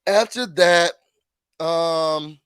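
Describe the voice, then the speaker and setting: A man giving a chatty, animated recap of a reality show, acting out what people said. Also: a little high, extremely slow, clear, resonant tone, no room sound. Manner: chatty, animated, acts out quotes.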